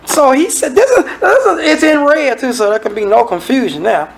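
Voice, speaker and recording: Man, minister, sermon, high gravelly voice, animated. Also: moderate pace, rough recording. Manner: animated, conversational preaching with dramatic asides.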